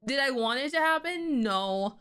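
A woman's voice: high-pitched, animated, moderate pace, sharp tone, smooth. A young woman reacting to a cartoon episode on her vlog, emotional and thinking aloud, laughing through her upset. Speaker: reaction vlogger.

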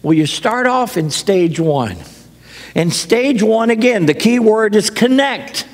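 A man's voice: sits high, expressive, takes it slowly. A man preaching a sermon in a folksy storytelling way, acting out the people in his stories. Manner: folksy storytelling, acts out quotes. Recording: long hall reverb.

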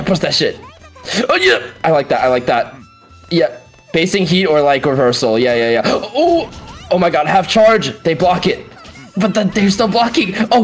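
A tournament commentator doing excited fighting game play-by-play, yelling and swearing at big moments, then breaking the action down quickly in between. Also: medium pitch, faint music behind. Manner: explosive yelling and swearing, frequent exclamations; calmer fast breakdowns between outbursts.

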